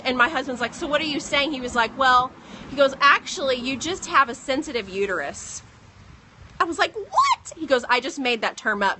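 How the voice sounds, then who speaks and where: A pregnant woman telling a personal story in a casual vlog, recorded outdoors on a phone in the rain, animated as she retells what others said. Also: fairly high pitch, low-quality recording. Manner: earnest, animated retelling with quoted dialogue. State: pregnant, second trimester. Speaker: vlogger. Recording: faint outdoor noise, rain.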